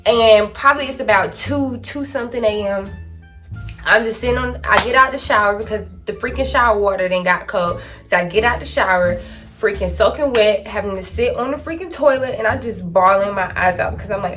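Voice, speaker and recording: An eighteen-year-old woman vlogger telling a dramatic storytime to her phone camera, animated and full of slang. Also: medium pitch, brisk, faint music behind.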